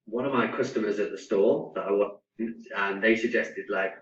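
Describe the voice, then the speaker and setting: British guy in class, low voice, kinda unsure, distant echoey lo-fi audio. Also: normal speed, fairly bright tone. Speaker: student. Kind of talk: classroom comment. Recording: distant, echoey, lo-fi room sound.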